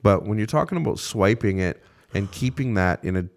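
A man with a very deep voice talks on a podcast. He explains things earnestly and at length in a casual tone, swearing now and then. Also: expressive, brisk, gravelly. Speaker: podcast co-host. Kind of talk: casual chat.

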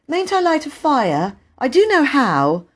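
A woman's voice: high voice, huge pitch swings, unhurried, pitched above the performer's own voice, heavily acted. A woman voicing an earnest young girl, the eldest sister, who pleads and scoffs at her brother. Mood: pleading.

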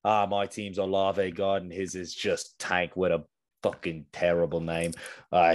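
A swaggering mock-British tough guy, as a man puts him on for a laugh. He swears freely and talks in a lowish register. It stays loose and boisterous, like casual banter among friends. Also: close to an everyday voice. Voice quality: profane, boisterous slang-heavy banter. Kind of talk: casual chat.

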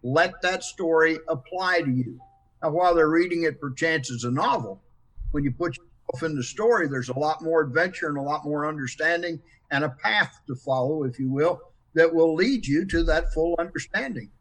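A man's voice: on the high side, brisk. Earnest man, slightly distant mic. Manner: earnest, explains with scripture quotes. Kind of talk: casual Bible study discussion.

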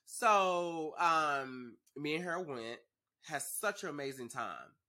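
Young man, podcast host, casual storytelling, animated and profane, fairly high pitch. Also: slow pace.

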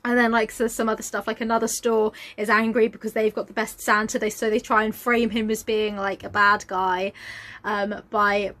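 A woman's voice: mid-range voice, level tone, normal speed, pushed and bright. A woman co-hosting a casual book chat, talking with many fillers and restarts and sometimes reading passages aloud.

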